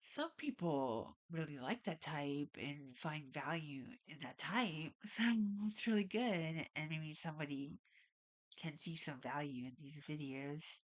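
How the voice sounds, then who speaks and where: Slow, low-voiced woman with a stuffy nose. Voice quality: stuffy nose, audible breathing. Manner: rambling, says "like" a lot. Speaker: vlogger. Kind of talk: casual talk to camera. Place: at home, alone.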